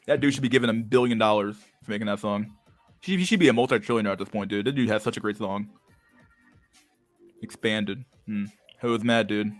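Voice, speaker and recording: A man's voice: mid-range voice, no room sound. A young man hosting a livestream and reading chat, talking in a crude, slangy, casual way and laughing often.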